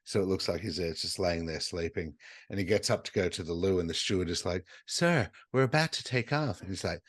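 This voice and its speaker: A man with a very deep voice, co-hosting a casual podcast. He retells action movie scenes with lots of swearing. He throws himself into the quotes, jumping up into high voices for the characters. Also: steady tone, fast, slightly rough, dry recording. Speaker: podcast co-host.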